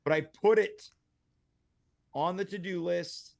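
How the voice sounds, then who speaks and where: A man hosts a relaxed chat show with a gravelly, creaky edge to his voice. His pitch sits a bit above the usual male range. He keeps the banter upbeat and teasing. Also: takes it slowly. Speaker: host. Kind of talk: casual chat show hosting.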